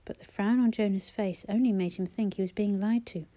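Audiobook narrator: woman, mellow tone, measured and gentle delivery. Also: mid-range voice, fairly even intonation. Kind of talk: scripted narration.

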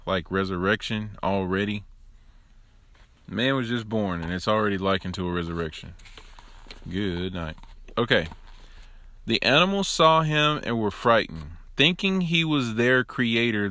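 A religious teacher, a man with a low voice and sharp tone, gives an informal Torah teaching alone into his own recording device. He speaks conversationally and emphatically, tossing in joking asides. There's no room sound.

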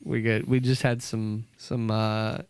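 Jokey man with a smooth voice. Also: fairly low pitch, level tone, takes it slowly. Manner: jokey, slips into mock voices. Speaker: podcast co-host. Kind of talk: casual chat.

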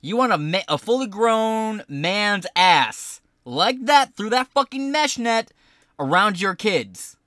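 A man's voice: high-pitched, big pitch swings, slow, bright, forceful tone, dry recording, clean studio sound. A man streaming an angry, profane live reaction to news footage.

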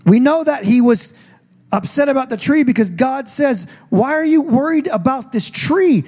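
A man's voice: very high voice, lively intonation, normal speed, darkish tone. A man preaching a sermon as pastor, telling the story in a casual, joking way. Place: church stage.

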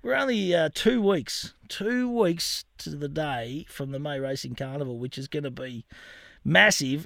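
An Australian man hosting a sports radio show, joking and bantering loudly with guests. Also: high voice, creaky, no echo, studio quality. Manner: boisterous, jokey banter. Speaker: radio host. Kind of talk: casual sports radio chat.

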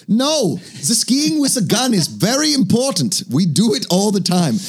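A hearty, boastful Norwegian outdoorsman who skis to the store and hunts his dinner, as a man puts on a jokey accent. The put-on Norwegian accent is broad and sing-song, pitched noticeably higher than an ordinary speaking voice. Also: huge pitch swings, moderate pace, husky, heavily acted. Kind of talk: comedic impression in podcast banter.

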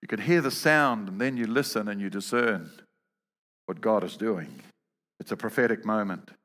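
A man's voice: lowish voice, moderate pace, a bit bright, big-room sound. Storytelling male preacher. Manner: storytelling, humorous, repeats words. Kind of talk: sermon.

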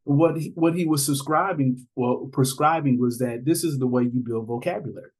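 This is a man in conversation as a podcast guest, telling stories with a lively, animated delivery. He laughs easily and slips into other people's voices when he quotes them. His pitch sits in the middle for a man. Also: moderate pace, poor audio. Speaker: podcast guest, author and father. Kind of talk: conversational storytelling.

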